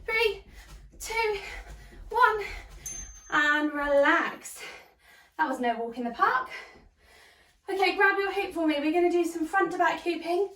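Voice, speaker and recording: Winded woman coaching a workout, high voice, sounds far off in a roomy space. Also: fairly quick, fairly bright tone. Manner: encouraging, counts down reps. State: out of breath. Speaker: fitness instructor. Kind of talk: workout instruction.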